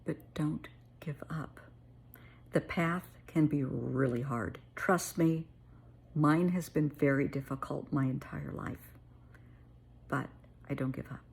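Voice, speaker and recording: A woman's voice: sits low, slow pace, creaky, pauses often, a little mellow, breathy edge. A middle-aged woman therapist telling a personal story and giving earnest, emotional advice. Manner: earnest, emotional, calls listener honey.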